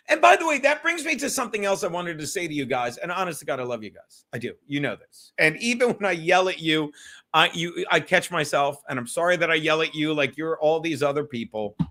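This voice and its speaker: A man's voice: high voice, sharp tone. A male host chatting casually on a livestream, rambling and talking straight to his viewers in the chat. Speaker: podcast host reading live chat.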